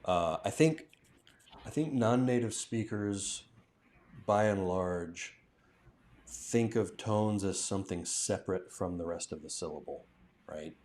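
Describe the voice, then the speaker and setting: A man's voice: low voice, slow pace, a little mellow. A man co-hosting a language-learning livestream, talking through an idea step by step and checking in with "right?". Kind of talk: casual explanatory talk.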